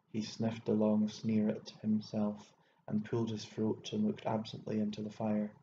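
A man with an Irish accent reading a literary short story in a measured, even storytelling manner, on a dull recording with faint hiss. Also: lowish voice. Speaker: audiobook narrator.

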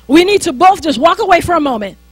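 A woman's voice: very high voice, lively intonation, fast, no room sound. A woman minister preaching a sermon in an emphatic, conversational way, often repeating herself.

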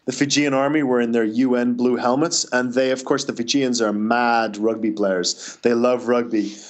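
A Northern Irish man tells stories in a relaxed interview, chatty and anecdotal, with quick restarts as he goes. His voice sits at an ordinary middle pitch. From Northern Ireland. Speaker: author. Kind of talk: casual interview answers.

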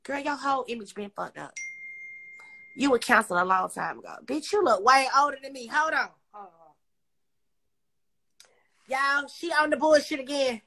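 Brief: loud-mouthed woman livestreaming from her phone, high bright voice, crude and mocking. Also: fairly quick, vocal fry. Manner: brash, profane, mocking. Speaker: Instagram live host. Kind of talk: casual trash-talking livestream.

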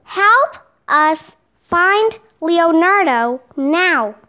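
A woman voicing an eager, very high little girl. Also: very slow, muffled recording, heavily acted. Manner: excited and pleading. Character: eager cheerful young girl.

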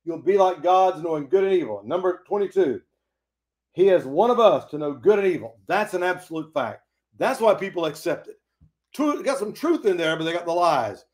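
A man's voice: high voice, lively intonation, normal speed, darkish tone. Folksy man teaching the Bible. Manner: preachy, folksy, acts out quoted dialogue. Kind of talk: Bible study sermon.

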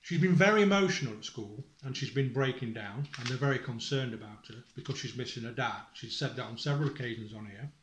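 A man's voice: mid-range voice, fast, few pauses, noisy background. Distressed angry man, swearing father, reading a report aloud, echoey room. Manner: angry, accusing, swears, restarts sentences. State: distressed and emotional. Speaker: father addressing his family online. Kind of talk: emotional direct-to-camera appeal, reading from a school report.

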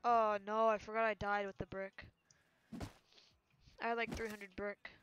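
A man streaming a survival game and chatting casually over voice chat, quick and excitable, jumping between thoughts. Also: high voice, slight background noise.

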